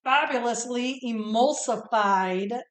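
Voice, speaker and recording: A woman's voice: on the high side, takes it slowly. A woman, co-hosting a casual cooking chat in a playful, teasing way. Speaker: co-host. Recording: echoey kitchen.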